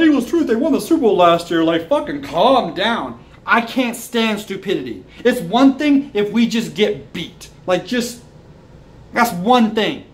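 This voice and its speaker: A man's voice: very high-pitched, rough recording. A young man ranting as a sports fan commentator, angry and full of profanity.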